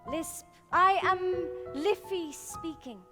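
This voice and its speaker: A woman's voice: very high voice, voice pushed up. A woman reading the voice of a weary aging river-woman flowing out to the sea, in a lilting, incantatory way. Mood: wistful, sorrowful. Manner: lilting, incantatory, drawn-out phrasing. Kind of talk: literary reading over music. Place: public library event. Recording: live reading with clear music behind.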